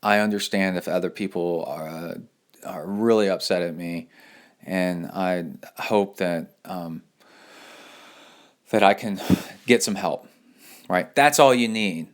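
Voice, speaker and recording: A man's voice: deep voice, fairly even intonation, slow. A middle-aged man hosting a casual solo podcast, rambling with many fillers and restarts, and acting out quotes in a raised voice. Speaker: podcast host and coach.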